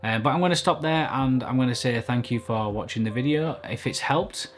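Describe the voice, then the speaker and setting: A man's voice: mid-range voice, a little fast, faint music behind. A man talking openly and reflectively to camera in a personal vlog, recorded indoors at home. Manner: open, reflective, self-critical. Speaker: vlogger. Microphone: camera mic at desk.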